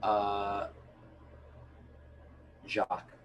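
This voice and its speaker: A man narrates a tabletop game as game master. He talks slowly with many fillers. His voice sits a little low. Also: completely flat delivery, noisy background. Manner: unhurried, halting with fillers.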